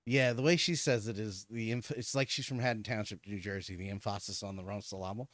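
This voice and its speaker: A man co-hosting a casual podcast, chatting excitedly and swearing as he rants about shows. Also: on the low side, fast, no room sound. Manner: excitable, profane ranting with frequent laughs. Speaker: podcast co-host. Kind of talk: casual chat.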